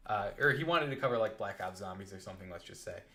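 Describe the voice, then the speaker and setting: A young adult man telling a rambling, animated story while playing a game on a live stream. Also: lowish voice, quick pace.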